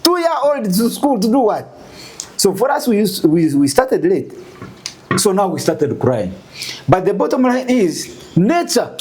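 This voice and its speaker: A Ugandan man telling a story in an interview, animated and full of rhetorical questions. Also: high voice, unhurried, breathy edge. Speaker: guest.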